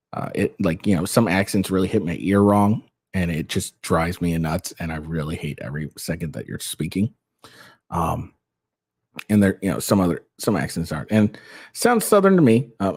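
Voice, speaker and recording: A man's voice: fairly low pitch, a little mellow, dry recording. A young man hosting his own commentary show, rambling casually with frequent restarts. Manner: rambling, repeats words, laughs between points. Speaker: show host.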